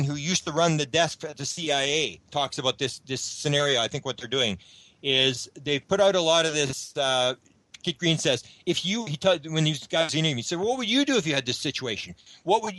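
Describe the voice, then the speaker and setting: Rambling talkative man, slightly high voice. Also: bright, forceful tone, no echo, rough recording. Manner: rambling, many restarts. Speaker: guest researcher. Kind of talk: radio interview.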